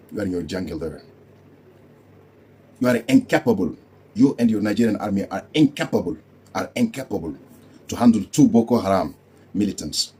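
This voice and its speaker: Low, husky African man ranting. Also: darkish tone. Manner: scornful, repeats rhetorical questions. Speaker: political commentator. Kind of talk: heated political commentary.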